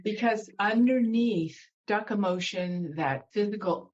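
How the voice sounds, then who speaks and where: Woman spiritual guide, lowish voice, soothing and unhurried, on a dull lo-fi video call line. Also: darkish tone. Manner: soothing, slows down to guide breathing. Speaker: guest spiritual teacher. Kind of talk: guided meditation and spiritual talk.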